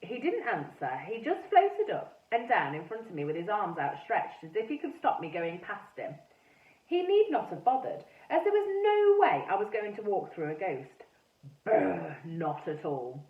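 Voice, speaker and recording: A woman teacher reading a storybook aloud in a lively, animated way. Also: medium pitch, normal speed. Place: classroom or school room. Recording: echoey room, mic far off, dull sound.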